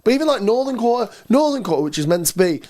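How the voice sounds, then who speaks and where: A man's voice: sits high, very animated, racing, darkish tone. A man, co-hosting a live football watchalong stream in blunt, rambling casual chat. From Greater Manchester. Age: 20s. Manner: blunt, swears freely, rambling. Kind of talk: casual banter on a livestream.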